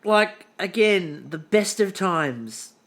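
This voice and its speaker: A man's voice: high voice, animated, takes it slowly, fairly bright tone. A man co-hosting a podcast in casual chat, wry and self-deprecating, rambling between topics. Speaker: podcast co-host.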